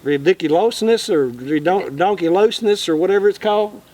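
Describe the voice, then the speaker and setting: A man, telling a fishing story in a casual, animated way and acting out the quotes. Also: high-pitched, brisk. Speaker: channel host.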